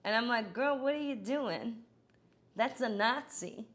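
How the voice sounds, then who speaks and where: A woman's voice: fairly high pitch, a little slow, a bit bright. A woman doing a cackling brash politician parody. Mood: joking. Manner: bursts of cackling laughter between crude punchlines. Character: cackling middle-aged female politician parody, brash and irreverent. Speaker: comedic news anchor. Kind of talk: satirical news comedy.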